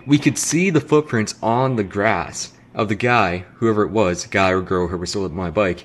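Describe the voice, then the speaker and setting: A young man, telling a story in casual gaming commentary, animated and swearing freely. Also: mid-range voice. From Canada.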